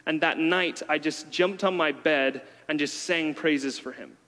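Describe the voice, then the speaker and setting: A man's voice: fairly high pitch, a little slow, pushed and bright. A man preaching a casual, conversational sermon with many fillers. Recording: long hall reverb.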